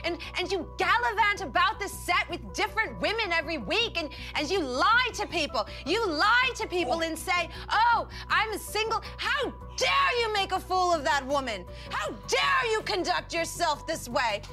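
A woman's voice: extremely high pitch, sing-song, slow pace, long pauses, a bit bright, soft background music, voice pushed up, heavily acted. A woman voicing a furious young woman who delivers an accusing tirade against a powerful man. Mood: outraged.

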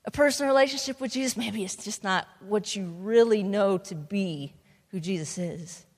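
A young adult woman giving an energetic, emphatic sermon as a camp speaker. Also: a little high. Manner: energetic, emphatic preaching with rising bursts. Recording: speech in a reverberant hall.

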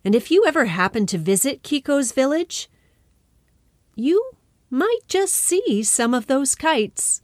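A woman telling a children's story, expressive and lingering on repeated phrases as she narrates. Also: high voice, unhurried, dry recording, clean studio sound. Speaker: storyteller and podcast host.

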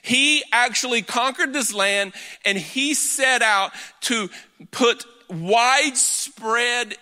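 Male pastor, high bright voice, chatty sermon delivery, long church reverb. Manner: conversational preaching with quick asides and drawn-out emphasis. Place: church hall. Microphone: handheld or headset microphone.

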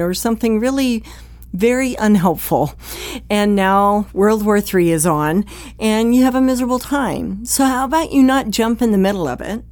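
A woman's voice: medium pitch, measured pace, darkish tone, dry recording. A woman hosting an advice podcast, speaking conversationally and acting out short quoted exchanges between partners. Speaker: podcast host, psychologist.

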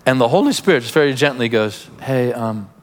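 A man's voice: medium pitch, animated, quick pace, big-room sound, a little hiss or hum. A man preaching a sermon as pastor, emphatic, breaking into laughing asides and urging listeners to pay attention.

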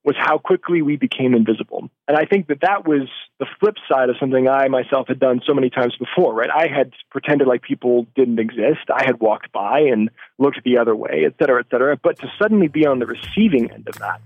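A thoughtful man recalls his experiences in an earnest, searching way, often pausing and restarting. He speaks at a middling pitch. The sound is dry and thin, like a phone line. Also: dry recording. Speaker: interviewee. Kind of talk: reflective storytelling.

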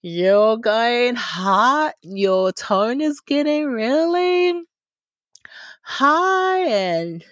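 A woman voicing her seven-year-old daughter gently teasing her mother, slow and unhurried. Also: on the high side, animated, no echo, highs cut off, voice pushed up.

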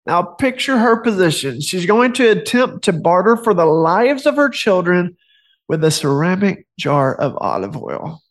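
A man's voice: high-pitched, sing-song, a little slow. A man giving a casual faith talk, conversational and digressive, reading passages from his own book with joking asides. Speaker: Christian author and speaker.

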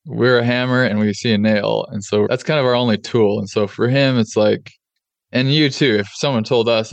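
A man hosting a podcast, telling a personal story candidly in a relaxed, conversational way with plenty of fillers. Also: lowish voice, brisk, vocal fry, dry recording, highs cut off. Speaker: podcast host and oral surgeon.

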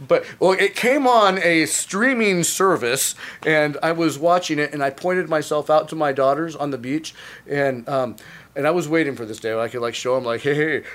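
A man's voice: a little high, fairly bright tone. A man in his forties co-hosting a podcast, telling stories animatedly and often laughing, repeating and stumbling over his words as he goes. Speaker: podcast co-host. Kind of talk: casual chat, storytelling.

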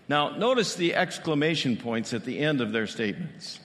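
Male pastor, sermon, animated and conversational, higher-pitched, reverberant hall. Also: moderate pace. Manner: animated, conversational, asks rhetorical questions.

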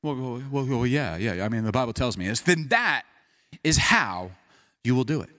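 Lively, joking male pastor preaching. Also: mid-range voice, moderate pace. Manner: animated, humorous, conversational storytelling. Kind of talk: sermon.

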